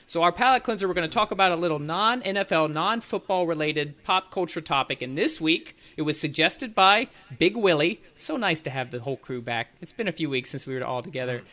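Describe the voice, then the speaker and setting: Young male podcast host, bright and a bit high, loose jokey banter. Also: lively intonation, brisk, few pauses. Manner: jokey, rambling, laughs often.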